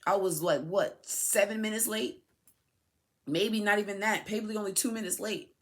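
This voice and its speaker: A woman's voice: medium pitch, steady tone, moderate pace. A woman speaking in an emotional personal monologue to her son, aggrieved and pleading, repeating herself for emphasis. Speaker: podcast host, mother addressing her son.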